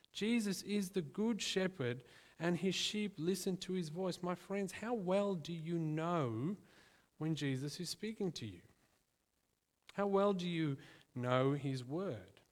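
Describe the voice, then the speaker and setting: A man with a fairly high voice delivers a sermon in a church, speaking to his listeners as friends. He keeps it conversational and slows down to stress his points. The sound rings with the long reverb of a large hall. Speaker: preacher.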